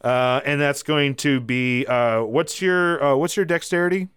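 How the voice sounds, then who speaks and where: A man's voice: mid-range voice, a little slow, a bit bright, smooth, no echo. A man narrating a tabletop game as game master, rambling with many fillers and laughing asides.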